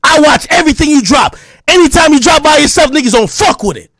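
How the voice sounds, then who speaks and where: A man streaming an angry, profane rant, confrontational and breaking into shouts. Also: very high voice, expressive, quick pace, no room sound, studio quality.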